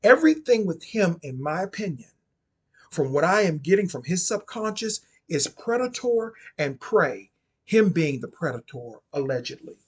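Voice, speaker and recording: A man's voice: on the high side, sing-song, normal speed, husky. A man giving casual spoken commentary on occult topics, sassy and chatty, often repeating and restarting his phrases.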